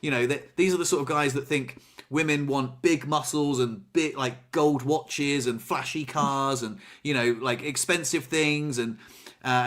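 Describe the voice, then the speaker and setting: A man chatting casually, spinning an animated tale and slipping into the voices of the people in it. His voice sits a little high for a man. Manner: animated storyteller, acts out quotes, laughs. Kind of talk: casual chat.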